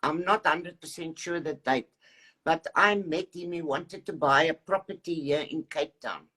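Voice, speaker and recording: A woman with a low voice asks her questions in a halting, nervous way and fills pauses with "um." She sounds friendly and eager on a video call. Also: a bit bright. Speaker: interviewer. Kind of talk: casual interview.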